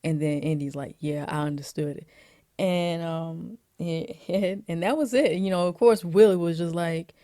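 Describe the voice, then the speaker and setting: A woman vlogger giving a casual, chatty movie recap, laughing often and filling pauses with "you know". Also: fairly low pitch, mellow, dry recording, studio quality.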